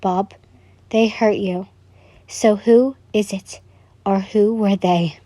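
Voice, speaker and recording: A woman's voice: mid-range voice, fairly even intonation, slow pace, mellow, no room sound. Woman voicing a blunt protective friend. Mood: insistent. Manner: direct, insistent. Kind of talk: fan story reading.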